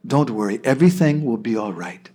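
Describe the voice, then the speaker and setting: An American man voicing a calm male spiritual master who speaks quietly and soothingly. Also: mid-range voice, brisk, breathy edge, pitched below the performer's own voice. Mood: calm, reassuring.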